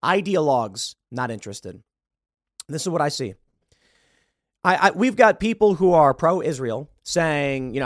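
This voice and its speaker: A man's voice: on the high side, very animated, brisk, a bit bright, no echo, studio quality. A man hosting a podcast, giving heated, emphatic political commentary and stumbling over repeated words when worked up. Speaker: podcast host.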